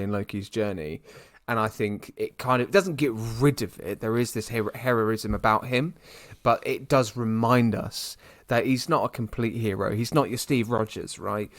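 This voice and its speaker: A man's voice: lowish voice, dry recording. Chatty British man, dry sound. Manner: rambling, many restarts and fillers, says "mate". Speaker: podcast co-host. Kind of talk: casual chat.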